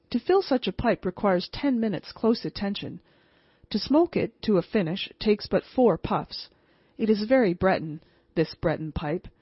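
A woman narrating an old ghost story as an audiobook in a measured, even way. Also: mid-range voice, husky, dry recording. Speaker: audiobook reader. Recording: dull lo-fi home recording.

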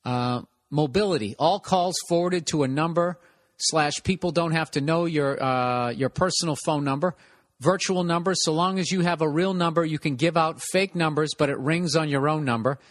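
Male podcast host and comic, somewhat high voice, loose profane ad read, rambling and self-mocking. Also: normal speed. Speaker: podcast host and stand-up comedian. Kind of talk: casual ad read.

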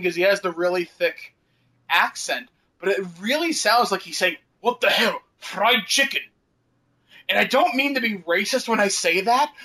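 A man with a high, bright voice talks loosely on a podcast. He rambles through anecdotes, drops casual swears and laughs between lines. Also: low-quality recording. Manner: chatty, laughs often, swears casually, many fillers.

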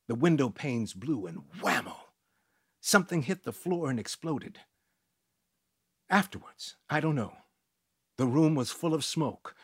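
A man with a husky voice giving expressive first-person narration of an audiobook. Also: medium pitch, no room sound, clean studio sound. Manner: expressive storytelling.

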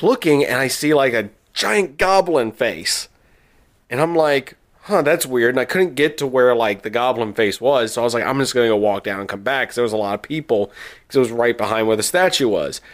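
A man co-hosting a podcast, telling a long rambling story with lots of restarts and quoted asides. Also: mid-range voice. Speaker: podcast co-host. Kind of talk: casual chat.

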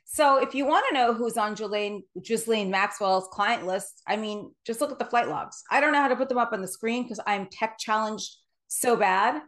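A woman's voice: on the high side, moderate pace, hardly any pauses, fairly bright tone. Amped-up woman host. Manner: amped-up, emphatic. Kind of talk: casual interview.

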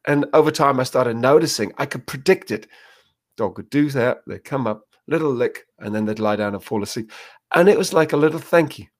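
A man's voice: mid-range voice, expressive, brisk. A man, a dog trainer being interviewed, telling stories and acting out little scenes. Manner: storytelling, acts out little quoted scenes. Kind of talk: casual interview talk.

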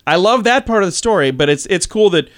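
A man co-hosting a radio talk show, telling a news story in a chatty, animated way. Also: sits high, fast talker. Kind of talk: casual radio chat.

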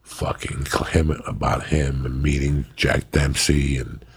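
A man's voice: extremely low pitch, level tone, slow. An older man chatting casually, telling loose, profane stories. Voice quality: gravelly, raspy. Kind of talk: casual chat.

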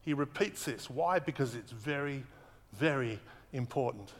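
A man's voice: medium pitch, lively intonation. Guy preaching a sermon, earnest, leans on repeated words, big reverb behind him. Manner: earnest, emphatic repetition, slows for weight.

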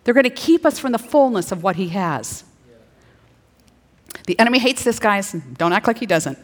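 Animated middle-aged woman preaching in a hall. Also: mid-range voice, moderate pace. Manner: animated and playful, acting out little dialogues. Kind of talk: sermon. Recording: long hall reverb.

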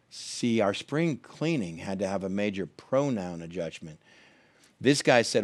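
A man's voice: on the low side, animated, normal speed, dry recording. A man in his thirties preaching a sermon, telling a story and acting out the people in it with big jumps in his voice. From United States. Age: 30s. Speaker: pastor.

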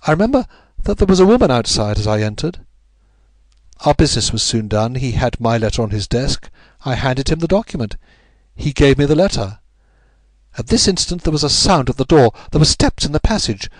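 A man's voice: mid-range voice, sing-song, fairly quick, no room sound. Man reading as a frightened noblewoman confessing. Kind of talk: audiobook reading of a classic story.

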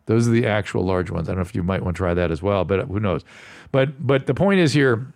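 Male host of a call-in advice show, calm, explanatory, matter-of-fact, dry close sound. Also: low-pitched, fast, vocal fry, no echo. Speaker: host and medical advice doctor.

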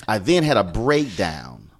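A middle-aged man from Houston speaks in a deep, low register. His pitch swings widely as he tells emphatic stories from his career, acting out the lines he quotes from others. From Houston, Texas. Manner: animated, emphatic, acts out quoted dialogue. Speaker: journalist and show host, podcast guest. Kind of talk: conversational storytelling.

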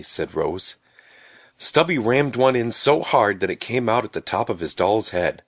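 Expressive male storybook narrator. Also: lowish voice, normal speed, no room sound, clean studio sound. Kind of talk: storybook reading.

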